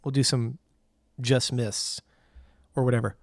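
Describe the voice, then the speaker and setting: A man co-hosting a podcast in casual chat, relaxed and agreeable. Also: mid-range voice, no room sound, clean studio sound. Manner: relaxed, agreeable, quick to laugh. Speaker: podcast co-host.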